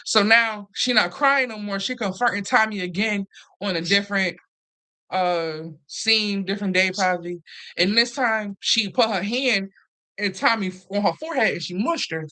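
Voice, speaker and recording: A woman hosting a casual, animated recap chat, swearing freely and acting out what others said. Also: medium pitch, moderate pace. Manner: animated, profane, acts out quotes. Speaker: host.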